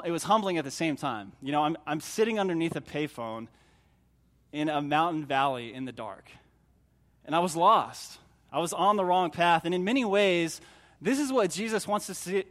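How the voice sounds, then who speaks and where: A middle-aged man, a pastor, preaching a sermon in a conversational storytelling way with self-deprecating humor, swinging between loud emphasis and hushed moments. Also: on the high side. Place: church sanctuary.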